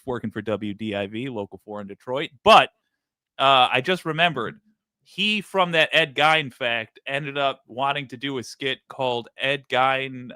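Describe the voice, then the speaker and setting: A man co-hosting a casual panel chat, telling wry anecdotes in a bright, forceful voice. He has a medium pitch, and the recording is close and dry. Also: no echo. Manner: wry storyteller, chuckles at his own jokes. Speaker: co-host.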